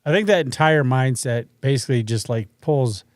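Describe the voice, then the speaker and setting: A man's voice: mid-range voice, animated, normal speed, no room sound, clean studio sound. A man from Iowa with a slight Midwestern accent, co-hosting a casual podcast chat and putting on silly accents for jokes. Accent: Midwestern hint. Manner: jokey, slips into mock accents for laughs. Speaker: podcast co-host.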